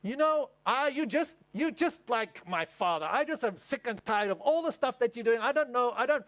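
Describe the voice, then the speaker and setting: A man's voice: extremely high pitch, lively intonation, moderate pace, fairly bright tone, voice pushed up. A man putting on the voice of an upset wife ranting at her husband in a stammering, exasperated way.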